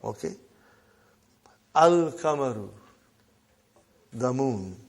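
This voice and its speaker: A man's voice: medium pitch, lively intonation, extremely slow, creaky. A middle-aged man teaching an Arabic class, repeating each word and asking again and again whether the students are following. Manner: checks in often with "huh?" and "are you with me?". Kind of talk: classroom lesson.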